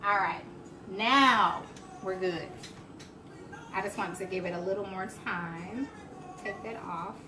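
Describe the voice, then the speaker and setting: A woman's voice: mid-range voice, takes it slowly, long pauses. A woman hosting a live cooking stream, chatting and laughing as she answers viewer comments. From Alabama, US. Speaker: cooking show host. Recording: faint background noise.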